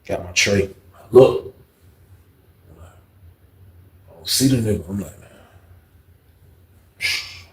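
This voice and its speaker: A man telling a casual, profane jail story in an animated way, acting out what people said. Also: lowish voice, takes it slowly, pauses often. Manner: animated, profane, acts out quotes loudly. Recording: echoey room.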